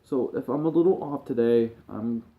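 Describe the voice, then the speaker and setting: A man, a gaming streamer, speaking to camera while grieving and near tears. He talks in a halting, emotional way and often trails off quietly. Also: medium pitch. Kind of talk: personal talk to camera.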